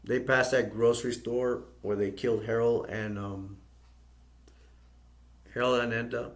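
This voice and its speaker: A man from the United States casually recapping a film's plot in a flat, rambling way. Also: medium pitch, a little slow. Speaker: movie reviewer.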